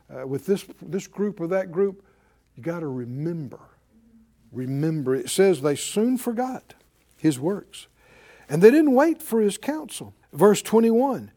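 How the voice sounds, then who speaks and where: Animated, high-voiced man preaching a sermon. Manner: animated, acts out voices, swings loud and soft. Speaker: Bible teacher.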